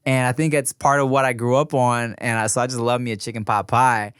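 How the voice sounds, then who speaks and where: Brief: casual man co-host, slangy and profane, dry studio sound, middle pitch. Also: level tone, brisk, fairly bright tone, smooth, dry recording. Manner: loose, profane, slangy banter. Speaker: podcast co-host. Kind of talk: casual chat.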